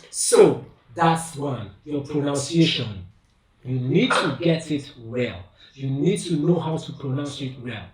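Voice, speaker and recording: A man teaching a language lesson in a slow, deliberate way, leaning on rhetorical questions and fillers. His voice sits a little high for a man. He sounds far from the mic in a very echoey room. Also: darkish tone. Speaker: language teacher and company head. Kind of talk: spoken language lesson to camera.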